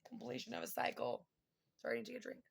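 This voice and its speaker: A woman's voice: fairly high pitch, flat delivery, racing, gravelly, background noise. A woman giving a casual tarot reading to her viewers, emotional and rambling with many fillers. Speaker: tarot reader.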